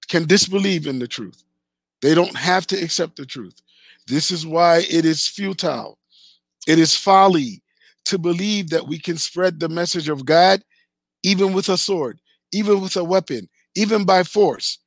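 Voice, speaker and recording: A man's voice: high voice, animated, measured pace, no echo. A man giving an emphatic religious lecture, repeating phrases for stress and reciting Arabic verses between his English. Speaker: Islamic teacher.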